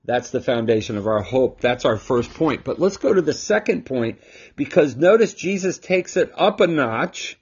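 Husky-voiced man teaching Scripture at home. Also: mid-range voice, lively intonation, moderate pace, a little mellow. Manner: emphatic, with frequent rhetorical "right?". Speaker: host and Bible teacher. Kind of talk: casual scripture teaching talk. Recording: dull lo-fi recording.

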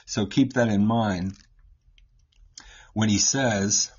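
A man's voice: on the low side, fairly even intonation, slow, husky, muffled recording. A man explaining a scripture passage in a conversational teaching style, going step by step and often checking in with his listeners. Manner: explains step by step, keeps asking "right?". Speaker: Catholic Bible teacher.

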